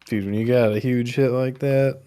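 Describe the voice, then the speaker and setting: A man's voice: medium pitch, fairly even intonation, normal speed, warm tone, clear, resonant tone. A man chatting on a casual podcast, easygoing and wry, often speaking in short remarks. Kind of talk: casual chat.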